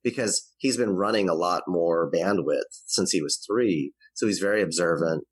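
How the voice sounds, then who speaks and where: A man with a very low voice talks through parenting advice in a relaxed interview. His delivery is earnest and explanatory, and the recording sounds dry and close. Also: normal speed, breathy edge, no echo, low-quality recording. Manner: earnest, explanatory, varies his pace to demonstrate. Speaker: guest expert on parenting.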